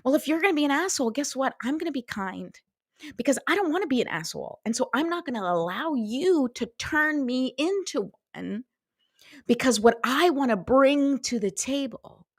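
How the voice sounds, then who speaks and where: A woman hosting a casual motivational talk, chatty and animated, often checking in with "right?" and acting out little conversations. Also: high voice, normal speed, no echo, clean studio sound. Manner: chatty, lots of "right?" and acted-out dialogue. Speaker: host.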